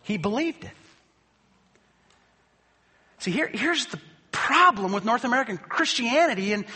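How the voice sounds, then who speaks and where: High-voiced man preaching in a big hall. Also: animated, a little slow, bright, forceful tone, slightly rough. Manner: emphatic preaching with rhetorical questions. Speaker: pastor. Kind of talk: sermon. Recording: long reverb of a large hall.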